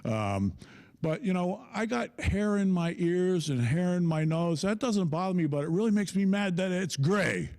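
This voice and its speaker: This is a middle-aged man doing a stand-up comedy set, his voice gravelly and a touch high for a man. His pitch leaps around as he tells his stories with animation. He laughs freely at his own jokes. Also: lively intonation, moderate pace, a little mellow.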